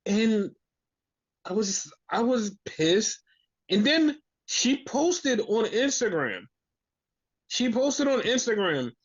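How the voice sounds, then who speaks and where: A podcast host with a high, slightly bright voice rants in casual chat, swearing often and sounding exasperated. The audio is dull and lo-fi.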